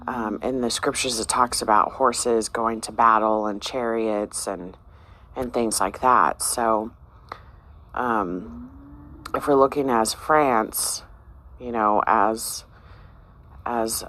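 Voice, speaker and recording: A slow, unhurried speaker with a bright, forward tone recounts a dream to viewers. The telling rambles and hesitates, full of fillers and restarts, and drifts into musing aloud about meanings. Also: mid-range voice. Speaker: dream-sharing channel host. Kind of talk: casual spoken dream account to viewers.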